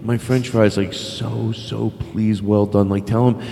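A man's voice: lowish voice, level tone, unhurried, creaky, dark tone, in a large hall, soft background music. A man doing an improvised comedy bit, rambling and self-deprecating and swearing freely as he plays an overly fussy customer.

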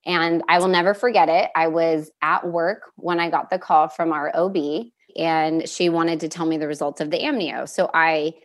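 Emotional woman with a lowish voice. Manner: halting, with fillers and restarts; openly emotional, near tears at times. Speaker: podcast guest. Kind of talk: candid personal storytelling.

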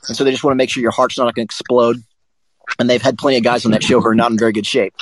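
A man co-hosts a live sports talk show, spinning a rambling, profane story in a loose, animated manner. His voice is medium-pitched and very fast, and the audio quality is poor.

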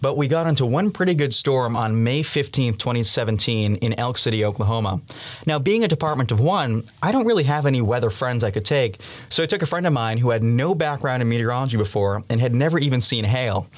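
Lively young man telling storm stories. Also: mid-range voice, brisk. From Massachusetts, USA. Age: 20s. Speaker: podcast guest, student storm chaser. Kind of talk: storytelling in an interview.

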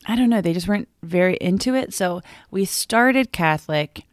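A woman's voice: fairly low pitch, lively intonation, normal speed, no echo, clean studio sound. A woman from Massachusetts, a comedian guest on a podcast, telling stories in a chatty, wry way. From Massachusetts, USA. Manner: chatty, wry, laughs often. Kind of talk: casual chat.

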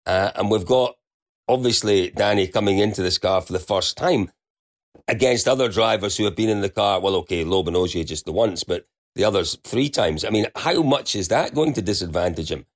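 Man, panel co-host, casual chat, pointed questions, lowish voice. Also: expressive. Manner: quick to laugh, posing pointed questions.

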